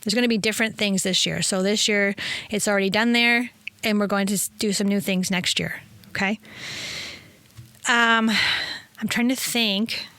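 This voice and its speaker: An energetic woman hosting a spiritual podcast, talking in a rambling, effusive monologue. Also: medium pitch, normal speed, pauses often, smooth, no room sound. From Italian heritage. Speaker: spiritual teacher and podcast host. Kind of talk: casual inspirational monologue.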